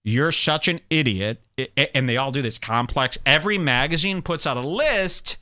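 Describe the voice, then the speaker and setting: Sarcastic man ranting with a lively, bright voice. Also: normal speed. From Illinois. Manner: mocking, sarcastic, jumps into high mock voices. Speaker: podcast host. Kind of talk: ranting commentary over clips.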